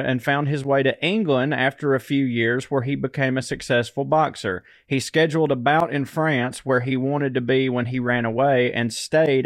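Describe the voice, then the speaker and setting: Podcast co-host, man, relaxed mail reader, middle pitch, dry close sound. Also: dry recording. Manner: laid-back, swears, laughs often. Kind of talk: casual chat, reading listener mail.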